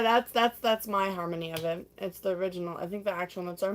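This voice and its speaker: A woman's voice: medium pitch, quick pace, few pauses. A young woman livestreaming, casually chatting and acting out scenes from a stage musical, breaking into sung snippets.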